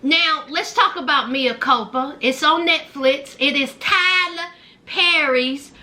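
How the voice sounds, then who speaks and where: Loud sassy lady doing gossip vlog, high bright voice, takes her time. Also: takes it slowly. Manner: loud, animated, sassy, calls viewers child and honey. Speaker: gossip vlogger. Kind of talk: casual gossip commentary.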